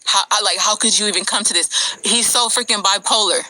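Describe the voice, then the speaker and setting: Agitated woman with a very bright voice. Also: medium pitch, a little fast, no echo, poor audio. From United States. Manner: agitated, emphatic, profane, addresses viewers directly. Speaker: vlogger. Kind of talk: live-streamed personal rant to viewers.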